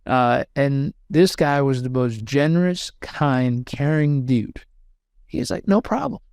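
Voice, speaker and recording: A man in his thirties, a podcast guest telling a story in an animated way and acting out the voices of the people in it. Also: medium pitch, slow pace, clean tone, no echo, studio quality.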